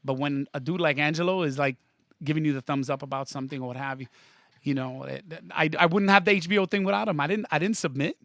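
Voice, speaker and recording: In a slightly high voice and at a fast clip, a comedian podcast guest excitedly spins profanity-laced stories, performing each quote. The audio is clean studio sound without any room echo.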